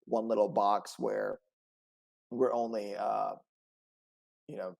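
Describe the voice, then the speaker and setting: A man's voice: lowish voice, level tone, takes it slowly, creaky, a little mellow, poor audio. A man co-hosting a podcast over a call, chatting casually and rambling with lots of "like". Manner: rambling, many "like" fillers. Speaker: podcast co-host. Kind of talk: casual chat. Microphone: remote call.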